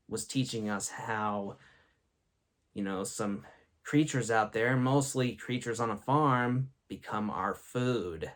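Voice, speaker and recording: A young man hosting a show, telling funny school stories and laughing at his own jokes. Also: mid-range voice. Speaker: host. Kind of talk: comedic storytelling.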